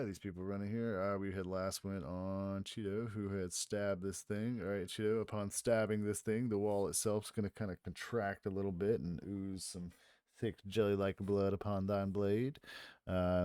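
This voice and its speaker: A man's voice: low-pitched, steady tone, normal speed, warm tone, clean tone, dry recording, studio quality. A man acting as game master, narrating a tabletop game in a loose, rambling way with frequent chuckles.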